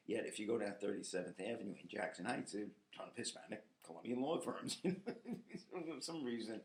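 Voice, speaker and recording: A man's voice: mid-range voice, sing-song, a little fast, creaky. A man, hosting a rambling podcast monologue, ranting with profanity and frequent laughter. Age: 50s. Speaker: podcast host.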